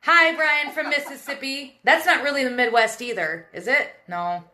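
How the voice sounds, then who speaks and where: A woman from Western Pennsylvania hosts a casual podcast stream, chatting and laughing easily and calling out viewers by name. Her voice sits somewhat high and sounds bright and forceful. The sound carries the echo of a roomy space. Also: moderate pace. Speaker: podcast host. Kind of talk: casual live-stream chat reading comments.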